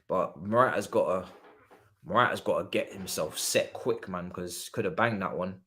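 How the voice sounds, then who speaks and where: A young man doing live football watchalong commentary, chatty and slangy, shouting at the players. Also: lowish voice. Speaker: watchalong streamer.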